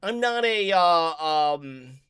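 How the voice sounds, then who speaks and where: A man's voice: fairly high pitch, lively intonation, slow pace, fairly bright tone, smooth, no room sound, clean studio sound. A man hosting a casual live stream, rambling and reading viewer comments aloud, a bit out of breath.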